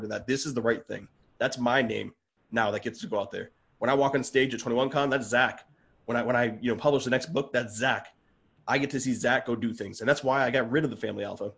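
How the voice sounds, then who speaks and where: A man with a mid-range, slightly breathy voice is a guest on a podcast, talking casually. He comes across earnest and open, frequently restarting his sentences and getting more worked up as he goes.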